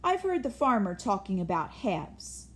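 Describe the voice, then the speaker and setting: A woman's voice: mid-range voice, sing-song, measured pace, slight background noise. A woman voicing a helpful, organized rabbit who speaks in a practical, polite way.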